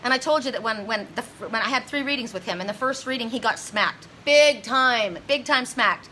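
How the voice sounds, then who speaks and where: High bright-voiced woman medium, rambling. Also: normal speed, slight background noise. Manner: intense, rambling, many restarts; dramatic retelling with voiced quotes. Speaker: psychic medium. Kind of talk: emotional monologue to viewers.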